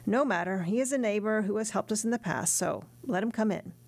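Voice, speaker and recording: Woman reading as a soft-spoken old dad, kinda gravelly, audiobook. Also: medium pitch, a little fast. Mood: mild. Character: gentle frugal old father, a widower.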